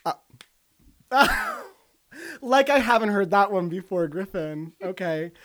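A man's voice: sits high, expressive, slow, fairly bright tone, heavily acted. A man playing a scatterbrained, self-absorbed female movie star in an improvised comedy bit. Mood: airy, self-important. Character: ditzy vain female movie star, middle-aged. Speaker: guest in character.

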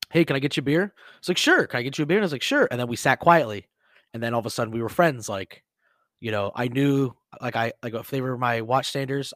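A man co-hosting a podcast, telling profane, animated stories and shouting out quoted lines. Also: mid-range voice, dry recording, clean studio sound. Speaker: podcast co-host. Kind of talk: casual storytelling chat.

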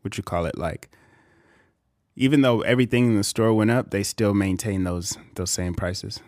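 A man's voice: fairly low pitch, moderate pace, a little mellow, no room sound, clean studio sound. A man co-hosting a casual podcast, laid-back and mostly giving short agreeing replies. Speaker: podcast co-host.

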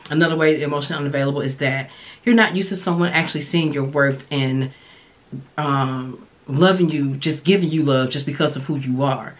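Candid woman giving dating advice. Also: deep voice. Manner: candid, conversational, sharing personal experience; relaxed colloquial delivery with frequent fillers. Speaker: podcast host and dating coach. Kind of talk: casual advice monologue.

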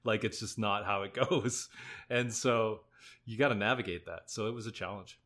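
Low-voiced man chatting loosely. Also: normal speed. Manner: relaxed, rambling, heavy use of "like" and "you know". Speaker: guest actor and singer. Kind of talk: casual interview chat.

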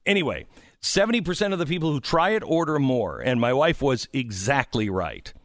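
A man's voice: medium pitch, very animated, brisk, dry recording, studio quality. A middle-aged man hosting a radio talk show, joking, reading ads and mimicking other people's voices. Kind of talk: casual radio talk and live ad reads. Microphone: studio microphone.

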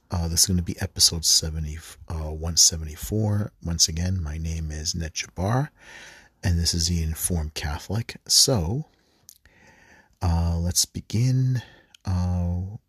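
Man, Bible study host, husky voice, slow halting reading. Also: deep voice, fairly bright tone, no room sound. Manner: halting, many fillers and restarts while reading. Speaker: podcast host.

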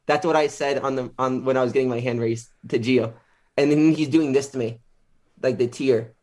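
A man being interviewed as a guest, casually retelling a story with lots of filler words and animated quotes. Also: medium pitch, normal speed.

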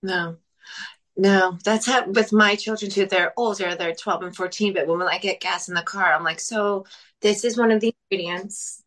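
Expressive woman podcast co-host. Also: medium pitch, normal speed. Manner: warm, expressive, swoops up when telling stories. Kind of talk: casual podcast chat.

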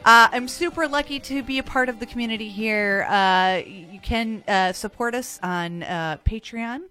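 A woman hosting a community radio show in a studio, chatting loosely with guests, swearing freely and filling pauses with "uh". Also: fairly high pitch, sharp tone. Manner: swears freely, many "uh" fillers, loose and joking. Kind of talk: casual on-air banter. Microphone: studio microphone.

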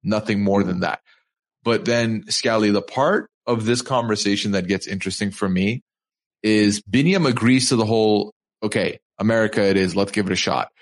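A man co-hosting a podcast, recapping events in casual chat and quoting people as he goes. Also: on the low side. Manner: storytelling, quoting people in conversational asides. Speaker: podcast co-host.

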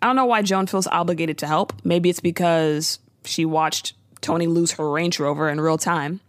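A woman co-hosting a podcast, recapping a TV episode in casual, jokey chat with quick asides. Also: on the low side, fairly even intonation, dry recording.

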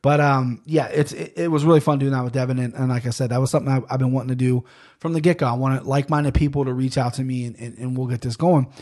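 A man's voice: medium pitch, steady tone, fast talker, darkish tone. A man hosting a podcast, rambling in casual solo talk with many fillers and restarts. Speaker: podcast host.

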